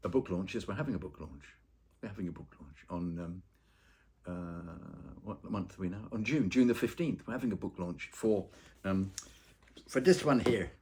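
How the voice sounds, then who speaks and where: Man, very low voice, casual interview, rambling anecdotes, plays out quoted voices. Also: moderate pace, darkish tone. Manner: rambling storyteller with many fillers, acts out quoted voices. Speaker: actor and voice-over artist interviewed.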